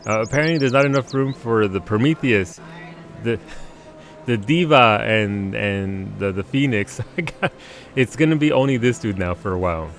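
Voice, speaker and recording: A man casually commenting on a game during a live stream. His voice moves a lot in pitch, and he laughs and stammers through his sentences. Soft music plays faintly behind him. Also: moderate pace. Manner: animated, laughing, stammering restarts.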